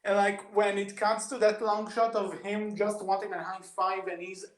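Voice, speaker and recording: A man's voice: sits high, flat delivery, normal speed, echoey room. A man co-hosting a podcast, eagerly retelling movie scenes at length in casual discussion. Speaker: podcast co-host.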